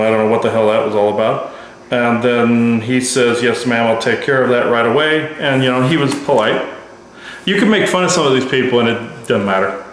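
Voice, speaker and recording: Man, casual spoken account, halting and rambling, very roomy echo, faint background hiss. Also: medium pitch. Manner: halting and rambling, many restarts. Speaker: narrator of contact experiences. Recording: very echoey room.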